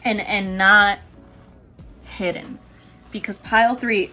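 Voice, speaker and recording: Chatty animated woman tarot reader. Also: fairly high pitch, a little slow, faint music behind. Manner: chatty, animated, swearing, laughing often. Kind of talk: casual tarot reading.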